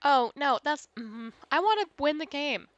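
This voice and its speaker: Woman game streamer, bright and sharp tone, playful teasing chat. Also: sits high, expressive, moderate pace, no room sound, highs cut off. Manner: playful, chatty, teasing her co-host. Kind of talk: casual let's-play chat.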